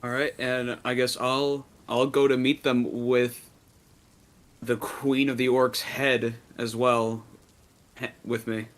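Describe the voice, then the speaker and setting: Male player, mid-pitched, relaxed matter-of-fact delivery. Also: slow pace. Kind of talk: playing a tabletop game.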